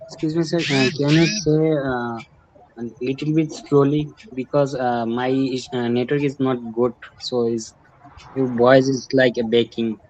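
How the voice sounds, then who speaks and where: A man's voice: mid-range voice, fairly even intonation, unhurried, darkish tone. A male student speaking politely and hesitantly in an online class. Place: online class by video call. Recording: muffled call audio with faint noise.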